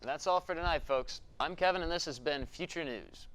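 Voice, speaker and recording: A man playing a deadpan news anchor who reads out absurd stories from the future. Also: on the high side, moderate pace, lightly acted. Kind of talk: mock newscast.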